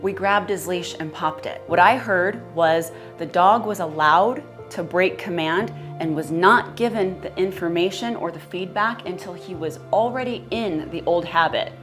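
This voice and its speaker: A blunt, emphatic woman with a lowish voice tells a personal rescue story and gives advice, swearing now and then. Faint music plays softly behind her. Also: unhurried, hardly any pauses. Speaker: dog rescuer and trainer.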